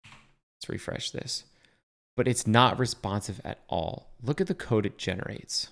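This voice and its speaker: Casual low-voiced man explaining code. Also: animated, moderate pace, vocal fry, a bit bright. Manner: casual and thinking aloud, with fillers and self-corrections. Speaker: web developer teaching a coding tutorial. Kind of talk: casual screen-share coding tutorial.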